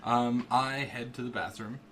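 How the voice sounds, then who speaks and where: A man speaking as a player in a tabletop game, low-key and deliberate. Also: steady tone, background noise.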